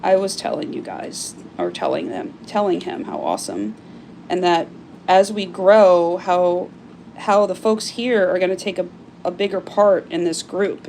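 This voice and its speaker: A woman's voice: lowish voice, expressive, measured pace, a little mellow, slight background noise. A woman hosting a casual live-stream sale, chatty and gushing as she shows off items, with frequent fillers. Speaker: live-stream seller of crystal carvings.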